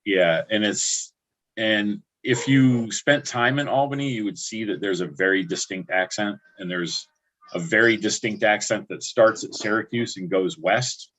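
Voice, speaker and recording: A man's voice: fairly low pitch, a little slow, fairly bright tone. A man from upstate New York chatting casually on a livestream, rambling and restarting his words often. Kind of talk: casual chat.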